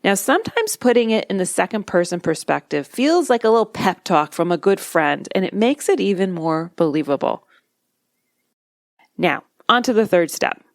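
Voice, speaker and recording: A woman hypnotist explains her methods in an instructional podcast monologue, her calm, medium-pitched voice measured and deliberate, slowing down to land key phrases. The close, dry recording has no echo or room sound.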